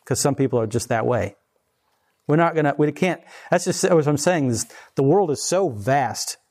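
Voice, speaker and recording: A man's voice: a little high, lively intonation, a little mellow. Chatty preaching man in his forties. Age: 40s. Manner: conversational, chuckling, slows down to read scripture. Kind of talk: casual sermon.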